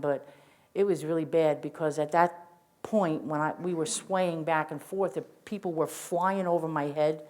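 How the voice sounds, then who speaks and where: A woman's voice: sits low, fairly even intonation, moderate pace, darkish tone. An older woman telling her own story as personal testimony, earnest and vivid, often restarting her sentences. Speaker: witness sharing testimony. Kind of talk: first-person spoken testimony.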